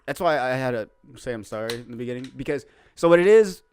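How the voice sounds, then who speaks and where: A man's voice: medium pitch, expressive, fast talker, darkish tone, a little hiss or hum. A young man co-hosting a podcast, telling a story in casual chat with lots of laughter and swearing. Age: young adult. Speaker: podcast co-host.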